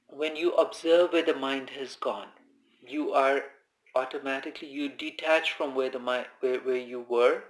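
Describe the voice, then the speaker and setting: A man giving informal spoken meditation instruction, calm and conversational, who repeats his key phrases. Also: fairly high pitch. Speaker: meditation teacher. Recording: echoey room.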